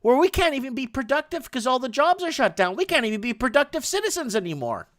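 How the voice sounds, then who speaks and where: A man's voice: extremely high pitch, very animated, fast talker, fairly bright tone. A man hosting a live show, chiming in with short agreeing replies and brief remarks. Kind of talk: casual chat.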